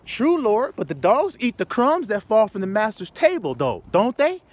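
A man's voice: high-pitched, huge pitch swings, moderate pace, exaggerated voice. A man voicing a humble woman who keeps pleading with a teacher, in a quoted scene.

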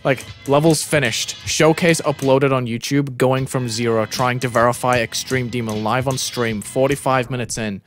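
A man's voice: mid-range voice, normal speed, hardly any pauses, soft background music. A young British man talking in a put-on American accent, commentating his own game live on stream and yelping at his deaths. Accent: American, put on over a British one. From Britain. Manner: excitable, yelps and shouts at in-game deaths. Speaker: gaming streamer.

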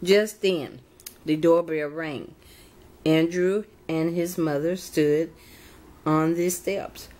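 A young woman reading a children's storybook aloud, halting and fixing her slips as she goes. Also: low voice, fairly even intonation, a little mellow. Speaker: channel host reading to reborn dolls.

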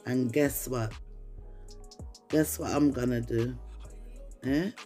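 A woman's voice: extremely low pitch, slow pace, warm tone, faint music behind. A woman with a Jamaican accent, chatting to viewers in patois-laced English while she demonstrates a recipe in her kitchen. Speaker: cooking vlogger. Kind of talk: casual cooking demonstration.

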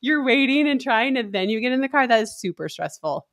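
A woman co-hosting a podcast in casual chat, reacting to her co-host's story, laughing along and empathizing quickly. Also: on the high side, expressive, no echo, clean studio sound. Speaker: podcast co-host.

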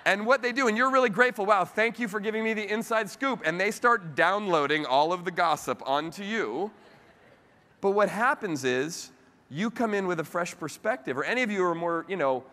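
A man giving a motivational keynote speech, telling stories with animated asides to the audience. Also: high-pitched, normal speed. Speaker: keynote speaker. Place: large convention hall. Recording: long hall reverb.

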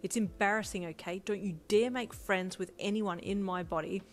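A woman narrator reads out a bossy, hot-tempered teenage boy from a storybook, full of insults and threats. Her voice stays near its middle pitch as she does it. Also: moderate pace, close to an everyday voice. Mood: angry.

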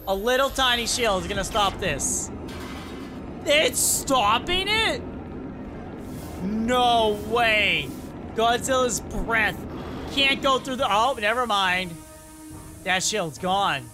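A reaction video host giving excited play-by-play commentary and talking straight to viewers. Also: mid-range voice. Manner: hyped, exclamatory, talks to viewers.

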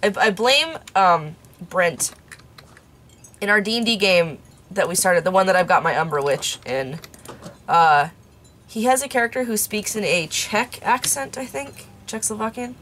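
A young woman, a YouTuber, rambles through casual let's play commentary in a room at her parents' house, poking fun at herself and muttering quiet asides. Her voice sits in the mid range and moves a little slowly.

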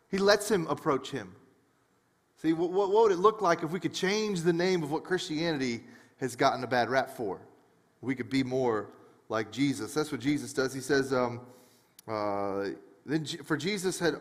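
A man's voice: fairly high pitch, in a large hall. A man preaching a casual, conversational sermon, reading scripture and retelling it in a joking, chatty way. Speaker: pastor.

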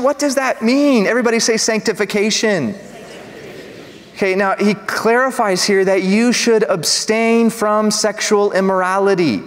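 Male pastor, bright upper register, animated teaching sermon, long hall reverb. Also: sits high, normal speed. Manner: animated, asks the congregation to respond. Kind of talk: expository sermon. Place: church sanctuary.

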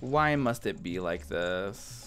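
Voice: deep voice, expressive, slow pace, fairly bright tone. A streamer giving casual live commentary while playing a video game, exclaiming, laughing and swearing at the game. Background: game music.

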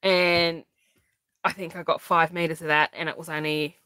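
A woman's voice: low-pitched, little pitch movement, moderate pace, sharp tone, a little hiss or hum, low-quality recording. Chatty woman showing off a craft haul. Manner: chatty, laughs easily, teasing. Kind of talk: casual chat.

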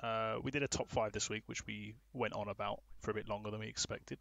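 A man's voice: lowish voice, steady tone, fast, vocal fry, fairly bright tone, dry recording. A man co-hosting a casual gaming podcast, talking in an earnest, enthusiastic way. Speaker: podcast co-host. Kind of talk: casual chat.

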